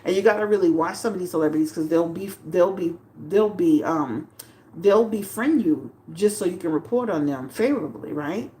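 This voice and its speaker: A woman's voice: on the low side, normal speed. Chatty woman livestreaming to her viewers. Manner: animated, talks straight to chat, repeats herself with many fillers. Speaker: tarot reader hosting a livestream. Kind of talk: casual livestream commentary.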